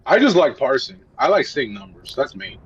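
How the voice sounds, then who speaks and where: Husky guy on a podcast, short agreeing bits, muffled lo-fi mic. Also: medium pitch, very animated, moderate pace. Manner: brief agreeing remarks. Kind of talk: casual chat. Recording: dull lo-fi mic, a bit distant.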